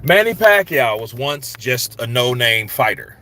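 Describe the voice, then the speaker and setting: Bright-voiced man chatting on a live stream. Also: mid-range voice, very animated, measured pace, a little hiss or hum. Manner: loose, rambling, greets chat viewers by name. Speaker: boxing channel host. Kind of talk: casual live-stream chat.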